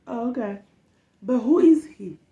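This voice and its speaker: A woman's voice: fairly high pitch, expressive, unhurried, mellow, voice pushed up. A persistent little schoolgirl asks question after question in a raised, innocent voice, as a woman puts her on. The sound is roomy. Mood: curious. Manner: keeps asking questions, innocent. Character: curious young schoolgirl, nagging and persistent.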